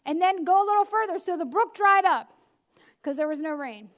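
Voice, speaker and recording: A middle-aged woman preaching a lively sermon, laughing often and acting out the people she quotes. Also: very high voice, brisk.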